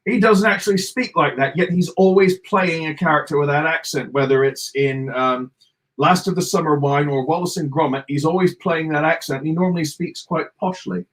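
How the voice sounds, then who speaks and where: British guy on a late-night stream, slightly tipsy, goofing around, kinda high voice. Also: a bit bright. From England. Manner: jokey, fond of silly accents and impressions. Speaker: co-host. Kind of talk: casual late-night livestream chat.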